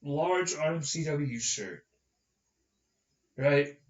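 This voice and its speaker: A fairly high-voiced young man tells a long, rambling story on a podcast and acts out the other people's lines. His voice sounds roomy and a bit far from the mic. The recording is dull. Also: drawn-out words. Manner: rambling, animated, acts out quotes. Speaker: podcast host. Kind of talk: casual storytelling chat.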